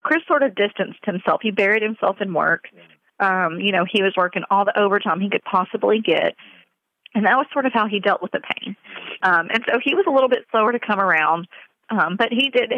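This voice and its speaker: A woman speaking in an interview as a mother, earnest and halting, with many fillers, on slightly muffled audio. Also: medium pitch, dry recording. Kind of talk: emotional personal interview.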